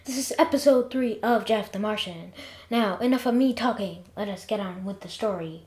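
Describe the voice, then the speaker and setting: A woman's voice: medium pitch, normal speed, a little mellow. A woman in her forties narrating a homemade story in first person, reading with small slips and restarts. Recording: roomy echo.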